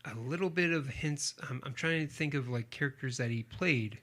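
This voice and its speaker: A man's voice: medium pitch, normal speed, fairly bright tone. A man co-hosting a casual movie podcast, joking, laughing often and trailing off mid-thought. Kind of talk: casual chat about movies.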